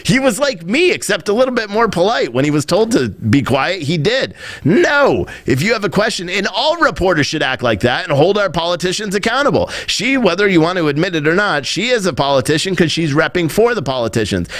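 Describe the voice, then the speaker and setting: A man's voice: high voice, fairly quick, hardly any pauses, no echo. A man hosting a casual live-stream commentary show, swearing freely and laughing at himself. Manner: animated, laughing, swearing, self-mocking. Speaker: political commentary show host.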